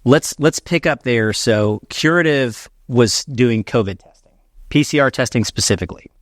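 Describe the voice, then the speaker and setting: A man hosting a health podcast interview, speaking in an energetic announcer-style voice while gesturing with his hands. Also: mid-range voice, moderate pace, no room sound, studio quality. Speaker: podcast host.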